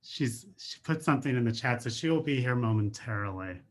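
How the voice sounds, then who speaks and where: A man's voice: medium pitch, expressive, a little fast. A male professor hosting a speaker series, introducing the guest in a friendly way with many fillers, heard over a video call.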